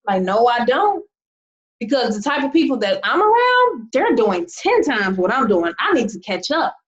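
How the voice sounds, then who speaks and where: Sing-song and fairly high, an American woman's voice comes through a muffled recording as she motivates her team online. She leads them at a moderate pace as their team leader and business coach, emphatic, fired up, and firing off rhetorical questions.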